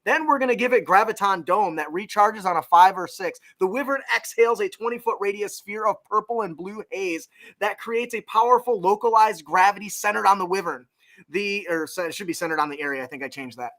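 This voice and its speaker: Male podcast host, high bright voice, rambling casual delivery, frequent laughs. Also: fairly quick. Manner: rambling, self-correcting, laughs often. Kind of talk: casual tabletop game podcast chat.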